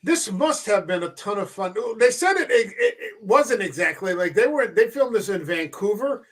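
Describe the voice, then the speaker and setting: A man's voice: high voice, moderate pace. A man hosting a casual film podcast, telling stories animatedly and swearing freely. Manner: animated, profane storyteller.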